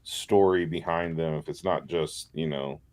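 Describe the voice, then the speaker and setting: A man with a deep voice, a pastor chatting casually and laughing easily while crafting on a live show. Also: a little slow. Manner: relaxed, laughs often, self-deprecating.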